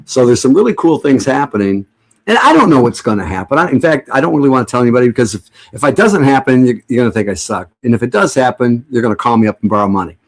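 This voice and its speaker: Talking fast and expressively in a medium-pitched voice, a middle-aged man rambles to his stream audience from home. He's sarcastic and full of jokes, with many restarts.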